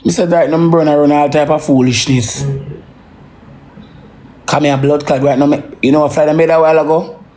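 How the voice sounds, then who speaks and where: A parent with a Jamaican accent in an emotional, profane ranting monologue that swings between slow brooding and heated outbursts. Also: mid-range voice, fairly even intonation, a little mellow. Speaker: social media livestreamer.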